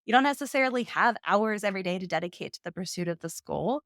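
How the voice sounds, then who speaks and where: A woman's voice: medium pitch, expressive, fast, fairly bright tone, dry recording, clean studio sound. A woman author speaking as a podcast guest, reassuring and encouraging as she talks about goals. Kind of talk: casual interview chat.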